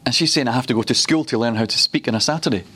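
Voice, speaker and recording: A man from Glasgow giving a teaching sermon at a ministry school, telling stories and slowing down to repeat words for emphasis. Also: medium pitch, fairly bright tone, husky. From Glasgow, Scotland.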